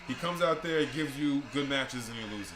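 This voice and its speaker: Animated man in an echoey room. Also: mid-range voice, crowd noise. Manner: animated, jokey, acts out wrestlers in quick voices. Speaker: podcast co-host. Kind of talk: casual wrestling chat. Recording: echoey room with faint background noise.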